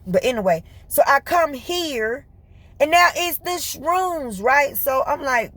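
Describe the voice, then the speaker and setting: An animated woman with a fairly high voice, chatting casually to her viewers as she tells a story. She talks fast and in bursts, slips into laughter, and keeps a loose, colloquial flow. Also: no room sound. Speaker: vlogger.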